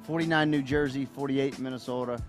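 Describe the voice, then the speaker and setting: A man's voice: mid-range voice, steady tone. Man hosting a radio show over music. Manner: brisk, cueing clips to a producer. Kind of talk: casual radio banter.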